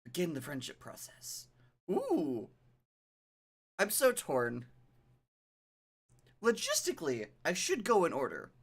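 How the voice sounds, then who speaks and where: A game streamer chatting live in an animated, self-deprecating way, sometimes reading game text aloud in a vague pirate accent. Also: mid-range voice, slow pace, long pauses, slightly rough.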